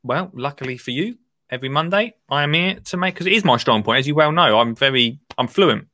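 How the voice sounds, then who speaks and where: A man's voice: mid-range voice, animated, a little fast, bright, forceful tone. A man hosting a casual podcast chat, rambling and chummy, laughing easily. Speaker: podcast host.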